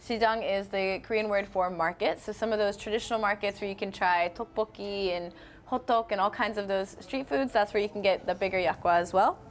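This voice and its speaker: Brisk and medium-pitched, a young woman from North Carolina, USA, chats easily on a casual live stream. She reads viewers' comments aloud and responds to each as she goes, keeping things friendly.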